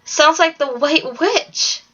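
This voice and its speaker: A woman's voice: high-pitched, slow, bright, forceful tone, voice pushed up, heavily acted. A prim, polite little British girl, as a woman reads her from a storybook. Her manners are careful and proper. The sound is dull and lo-fi. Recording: dull lo-fi recording.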